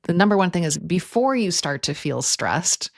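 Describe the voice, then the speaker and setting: Low-voiced woman explaining calmly. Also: normal speed, gravelly, dry recording, studio quality. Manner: teacherly, explains anatomy step by step. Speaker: yoga therapist podcast host. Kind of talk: casual explanatory podcast chat.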